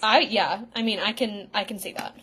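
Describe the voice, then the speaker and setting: A woman's voice: medium pitch, a bit bright, slight background noise. A young woman co-hosting a podcast, chatting casually, cracking jokes and laughing easily. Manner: wisecracking, quick to laugh. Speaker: podcast co-host. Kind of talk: casual chat.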